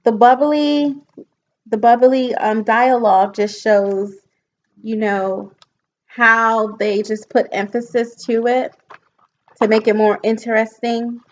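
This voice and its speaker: A young woman, an education student, giving an earnest, halting book report presentation and mixing reading with comments. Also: on the high side, flat delivery. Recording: dull lo-fi home recording with faint noise.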